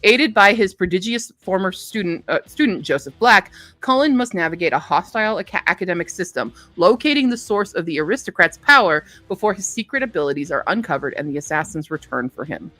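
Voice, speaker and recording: A woman's voice: on the low side, animated, a little fast, hardly any pauses, fairly bright tone, dry recording, soft background music. A woman hosting a casual livestream, chatting and reading book blurbs aloud. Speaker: book streamer.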